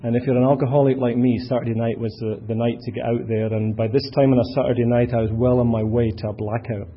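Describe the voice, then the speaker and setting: A middle-aged Scottish man shares his story with a room, rambling and self-deprecating, full of ums and asides. His voice is husky and sits in a middle register. The recording sounds dull and lo-fi. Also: medium pitch, little pitch movement, fast talker. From Scotland. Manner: chatty, self-deprecating, many fillers. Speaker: speaker at a recovery meeting. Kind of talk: personal testimony.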